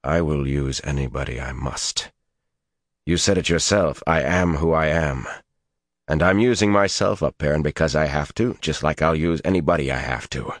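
A resolute young male leader, played by a narrator, speaking firmly and calmly with a very deep, dry voice. He sounds burdened but unyielding. He comes from a fantasy audiobook. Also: normal speed, no echo. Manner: firm, calm, heavy.

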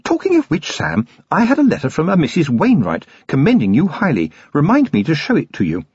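Poised noblewoman, voiced by a male narrator, bright, pointedly polite, high-pitched, storybook. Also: huge pitch swings, brisk, breathy edge, dry recording, highs cut off, full character voice. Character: bright, poised noblewoman, gently commanding wife.

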